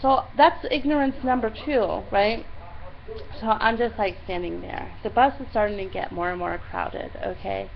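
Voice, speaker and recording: A woman's voice: mid-range voice, normal speed, vocal fry. Exasperated woman telling a story. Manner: animated, exasperated retelling with many "I'm like" quotes. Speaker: vlogger. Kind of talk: casual diary-style storytelling. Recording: slightly dull lo-fi recording with faint hiss.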